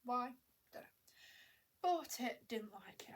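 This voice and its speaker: A woman's voice: fairly high pitch, lively intonation, slow pace, slight background noise. A young woman vlogging at home into a tablet camera, chatty and self-mocking, a little out of breath and often half-whispering. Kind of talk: rambling casual chat to camera. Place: at home indoors.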